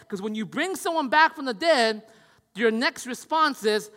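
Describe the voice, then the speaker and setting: A man's voice: extremely high pitch, expressive, moderate pace. Man preaching in a reverberant hall. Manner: dynamic preaching, swings from loud to hushed; conversational, asks the audience questions. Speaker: pastor. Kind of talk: sermon.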